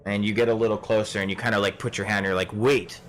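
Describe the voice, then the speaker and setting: A man with a fairly low voice runs a tabletop game, talking in a relaxed, rambling way. He scatters fillers through his narration and drifts easily between the scene and asides to the players. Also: very fast, a little hiss or hum. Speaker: game master.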